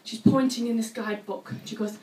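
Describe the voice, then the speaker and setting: A woman performing a stand-up comedy routine, telling stories in a chatty, animated way and acting out other people's voices. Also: on the high side, a little fast. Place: comedy club stage with audience laughter. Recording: roomy venue audio from a distance with faint noise.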